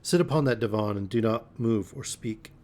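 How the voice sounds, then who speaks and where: A man voicing a cold, calm male sorcerer who gives orders and reads minds. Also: on the low side, moderate pace, lightly acted. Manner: calm, commanding.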